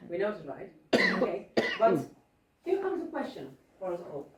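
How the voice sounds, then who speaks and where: A woman drama teacher leading a workshop, coaxing her group along with questions in an animated teaching manner. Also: mid-range voice, a little slow, heavy background noise. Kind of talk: interactive teaching. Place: school hall. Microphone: room mic at a distance. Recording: echoey hall from far off.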